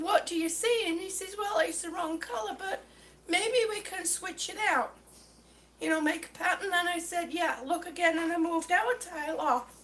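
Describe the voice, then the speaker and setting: A woman's voice: very high-pitched, pushed and bright. A middle-aged woman on a live stream, out of breath and exasperated, chatting and greeting viewers by name as she tells her complaint. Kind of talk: casual live stream rant.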